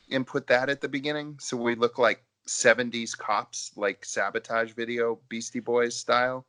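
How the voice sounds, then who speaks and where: A man co-hosting a podcast, chatting casually over drinks in an animated, rambling way with lots of fillers and restarts. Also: mid-range voice, moderate pace, few pauses. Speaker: podcast co-host.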